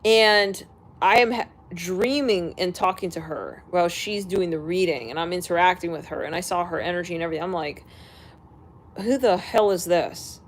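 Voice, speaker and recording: A woman's voice: lowish voice, a little fast. A woman hosting an astrology channel, ranting casually and bluntly to her viewers, swearing freely and laughing between remarks.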